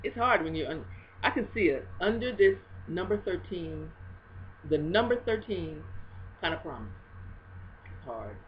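Give me an expressive woman faith vlogger with a lively voice and a faint hiss behind her. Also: fairly low pitch, measured pace, long pauses, dull audio. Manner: expressive, swoops between hushed and loud. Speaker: faith video blogger. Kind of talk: casual faith vlog.

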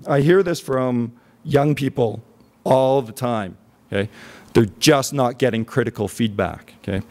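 A man giving a conference talk in a casual, conversational way, often checking in with the audience with "okay?" and pausing on "um". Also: mid-range voice, darkish tone. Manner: conversational, frequent "okay?" check-ins and "um" fillers. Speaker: conference speaker. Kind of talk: keynote talk. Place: conference stage.

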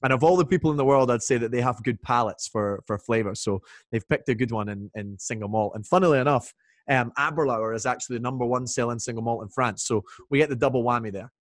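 A man with a Scottish accent, a guest in a casual video-chat interview, talking in a relaxed, jokey way with plenty of ums and restarts. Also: mid-range voice, quick pace, dry recording, studio quality. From Scotland. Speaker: whisky brand ambassador guest. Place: home, indoors. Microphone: video call.

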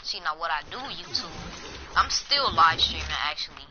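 A live streamer trash-talking her opponent during a game, with frequent gasps and shouts. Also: lowish voice, expressive, normal speed. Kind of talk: gaming trash talk. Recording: dull lo-fi with loud noise.

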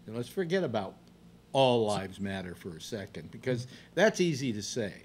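Chatty male host with a lively, wisecracking delivery and faint background noise. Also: on the low side, moderate pace. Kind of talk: casual panel chat.

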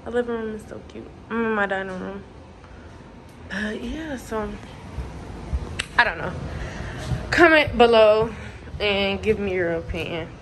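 Young woman, home vlogger, unhurried and chatty, light background hiss. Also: mid-range voice. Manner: chatty, rambling, lots of "like" and "y'all". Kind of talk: casual home vlog chat. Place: at home, moving between rooms. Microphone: phone camera, sometimes propped farther away.

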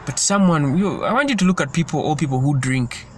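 A man's voice: on the high side, animated, brisk, slight background noise. A man giving an informal sermon in an earnest, repetitive way, often stumbling and restarting his sentences. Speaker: preacher.

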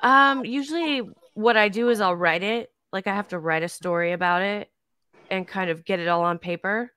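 A woman with a bright, crisp and smooth voice, speaking candidly in a casual heart-to-heart chat. The sound is dry and close to the mic. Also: medium pitch, moderate pace, no room sound. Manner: open, candid, laughs easily. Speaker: show host.

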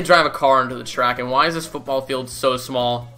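Goofy young man with a bright voice. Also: medium pitch, fairly even intonation, brisk, hardly any pauses, faint music behind. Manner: goofy, laughs often, swears casually. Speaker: gaming YouTuber. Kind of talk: casual gameplay commentary.

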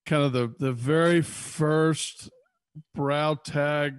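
Man, from Texas, relaxed, explanatory, podcast co-host, dry close mic. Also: on the high side, slow, clear, resonant tone, no echo. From Austin, Texas. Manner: relaxed, explaining things at length. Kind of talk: casual podcast chat.

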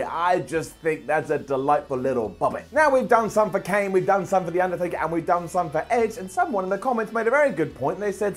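A man hosting a wrestling video, talking in a jokey, sarcastic and animated way. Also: high-pitched. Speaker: wrestling show host. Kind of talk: casual video commentary.

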